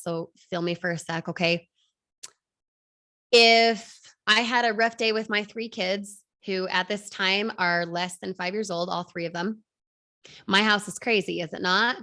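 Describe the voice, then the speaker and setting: A woman in her thirties coaching an online class, energetic, firing rhetorical questions at the audience. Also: medium pitch. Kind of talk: motivational class talk.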